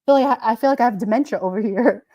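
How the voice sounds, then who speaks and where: A woman's voice: a little high, warm tone, dry recording. A woman hosting a live stream, chatting casually and rambling with her viewers, often giggling.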